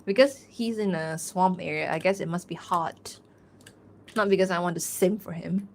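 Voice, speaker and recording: A woman's voice: on the low side, normal speed. Young woman streamer, rambling and chatty, laughs easily, light background hiss. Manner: rambling, chatty, many "like" fillers, laughs often. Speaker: artist streaming a drawing Q&A. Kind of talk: casual livestream chat while drawing.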